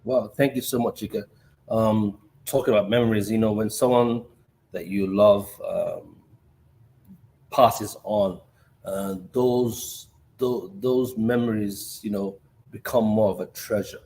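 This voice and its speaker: A man hosting a podcast, telling a personal story in a hesitant, halting way. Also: lowish voice, fairly even intonation, darkish tone, a little hiss or hum. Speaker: podcast host. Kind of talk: conversational podcast talk.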